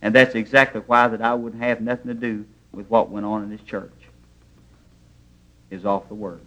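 Folksy preacher on an old tape. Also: male voice, fairly low pitch, little pitch movement, moderate pace, a bit bright, muffled recording. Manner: folksy storytelling preaching, plain rural grammar. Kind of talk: sermon. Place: church.

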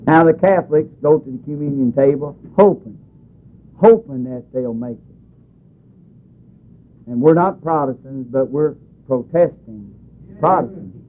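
A man preaching a communion sermon in a folksy, dramatic way that climbs high and loud as he tells a story. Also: a little slow, long pauses. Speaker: pastor. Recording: tinny lo-fi phone-like recording with faint music.

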